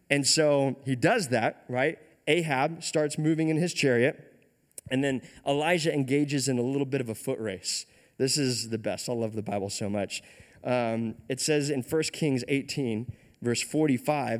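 Male pastor, animated slangy storyteller, mid pitch, long hall reverb. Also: normal speed. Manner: animated, slangy, enthusiastic, repeats words. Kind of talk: lively storytelling sermon.

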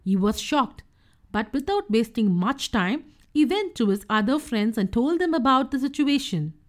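A woman with a high voice reads a children's story aloud. Her reading is clear, gentle and expressive, made for young listeners. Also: moderate pace.

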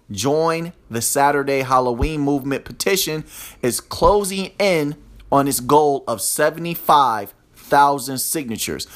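A man's voice: fairly high pitch, fairly bright tone. A man hosting a podcast alone, ranting with constant swearing and mocking sarcasm, talking straight to his listeners. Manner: talks to his listeners directly. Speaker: podcast host. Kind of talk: profane solo rant.

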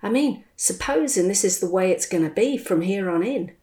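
A woman voicing a chatty, blunt expat man, talking in a lively, slangy way. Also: mid-range voice, moderate pace, natural voice. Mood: matey. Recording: roomy echo.

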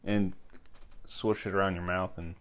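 A man's voice: low-pitched, flat delivery, moderate pace, clear, resonant tone. A man hosting a podcast in casual chat, joking and laughing often. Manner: jokey, laughs a lot. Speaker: podcast host.

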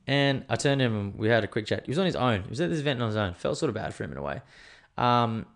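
A man's voice: medium pitch, lively intonation, fast, creaky. A man hosting a podcast, rambling in a loose, chatty way and swearing freely. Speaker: podcast host. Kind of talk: casual chat.

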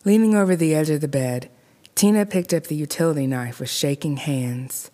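A woman narrating a scripted horror story in a measured, deliberate way. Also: low-pitched, dark tone.

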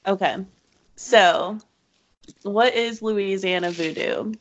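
A woman's voice: mid-range voice, takes it slowly. A woman co-hosting a casual podcast, chatty and teasing, laughing often as she talks. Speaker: podcast co-host. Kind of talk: casual chat. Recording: dull lo-fi home recording.

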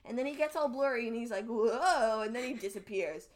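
A young woman with a slightly high voice chats through a story recap. She rambles, swears freely and jumps into exaggerated quotes of the characters. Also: lively intonation, fast. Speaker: podcast co-host recapping a webcomic. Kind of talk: casual recap chat.

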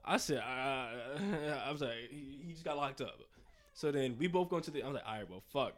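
A man's voice: mid-range voice, fairly quick. A young man casually telling a story, acting it out with sound effects and voices, swearing freely. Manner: animated, acts out scenes with sound effects and quoted voices; profane, slangy.

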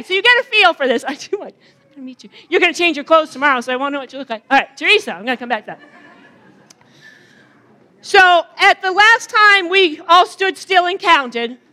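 A woman's voice: extremely high pitch, pushed and bright. A middle-aged woman giving a chatty opening talk at a retreat, joking and bantering with the audience. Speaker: retreat speaker.

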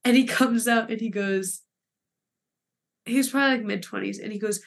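A young woman co-hosting a podcast, telling a story in casual chat with an animated, laughing, swearing delivery. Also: a little high, normal speed, vocal fry. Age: young adult. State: emotional. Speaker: podcast co-host.

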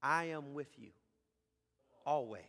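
A man preaching a sermon as a pastor, building from calm teaching to shouted, drawn-out emphasis on key words. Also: mid-range voice, creaky. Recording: live sermon in a reverberant hall.

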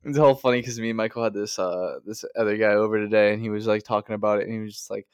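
A man's voice: lowish voice, fairly even intonation, rapid-fire, a little mellow, clean tone, dry recording, dull audio. A young man co-hosting a podcast, laid-back and laughing often, swearing in casual chat. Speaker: podcast co-host.

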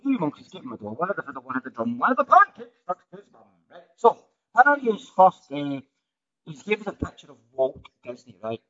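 A man's voice: sits high, sing-song, fairly quick, pushed and bright, lo-fi sound. Rambling man hosting a podcast. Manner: rambling, restarts often, tags lines with "right?". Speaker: podcast host. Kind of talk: off-the-cuff solo podcast talk.

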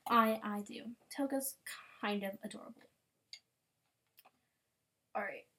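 A young woman giving a casual, gushing reaction commentary, gasping, repeating herself and dropping into soft whispers. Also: mid-range voice, takes it slowly. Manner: rambling with repeated words. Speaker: vlogger browsing fan art.

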